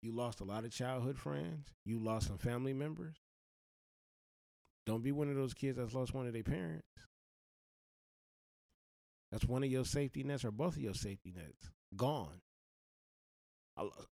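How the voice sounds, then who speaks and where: A man talks straight to his listener with blunt, slangy, heartfelt advice. His pitch sits in the middle of the range, and he speaks with an earnest weight. The recording is dry, with no room sound. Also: normal speed, gravelly, long pauses, a little mellow, no echo. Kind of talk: direct-to-camera life advice monologue.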